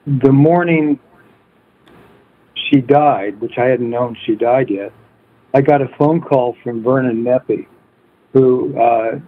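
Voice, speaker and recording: A man with a husky voice, a coauthor guest, tells a personal story at a steady pace with many "uh" fillers. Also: mid-range voice. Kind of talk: storytelling in an interview. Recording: tinny phone line.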